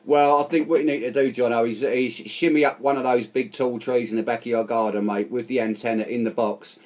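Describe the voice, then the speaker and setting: A man's voice: medium pitch, fairly even intonation, fairly quick, a little mellow, slight background noise. A man chatting casually on amateur radio, friendly, calling the other man mate again and again. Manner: chatty, says mate constantly.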